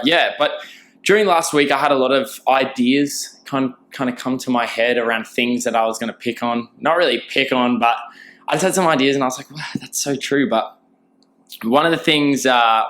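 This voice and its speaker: A man's voice: mid-range voice, fairly bright tone. A young man hosting a casual solo podcast, chatty and rambling, with lots of fillers and restarts. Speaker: podcast host.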